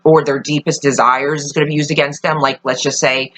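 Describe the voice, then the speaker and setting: A woman's voice: low-pitched, flat delivery, fairly quick, a bit bright, rough recording. A woman vlogging casually, chatty and loose, swearing often and trailing off mid-thought. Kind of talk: casual chat.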